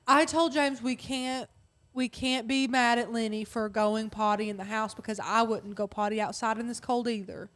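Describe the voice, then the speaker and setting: Brief: high-pitched woman, chatty livestream co-host, reads out viewer comments. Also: steady tone, normal speed, a bit bright. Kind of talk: casual chat on a craft livestream.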